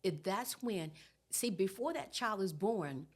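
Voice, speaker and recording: An animated woman in her sixties explains things in a relaxed teaching tone. She often checks in with her listener with a quick "okay?". She speaks at a middle pitch. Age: 60s. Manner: animated, tags points with "okay?". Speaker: guest trauma educator. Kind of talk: conversational teaching.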